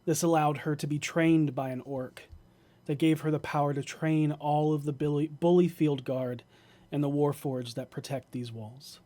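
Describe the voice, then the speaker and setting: A man acting as game master, narrating a tabletop game in a measured, descriptive way. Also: fairly high pitch, steady tone, mellow.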